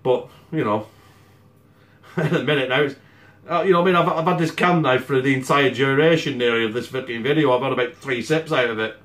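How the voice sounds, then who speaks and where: A man's voice: medium pitch, brisk, a bit bright. A man, host of a home cooking channel, chatting bluntly to camera and swearing constantly. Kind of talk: casual sweary to-camera chat. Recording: echoey room.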